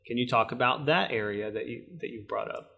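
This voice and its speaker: A man interviewing an attorney, politely summarizing her points with a slightly halting delivery. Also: medium pitch, gravelly, sharp tone. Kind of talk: professional interview.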